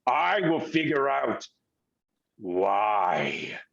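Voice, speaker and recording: A man voicing an angry, ruthless male villain in a tabletop game who yells threats at an underling. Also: mid-range voice, sing-song, very slow, creaky, highs cut off, exaggerated voice. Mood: furious. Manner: yelling, threatening.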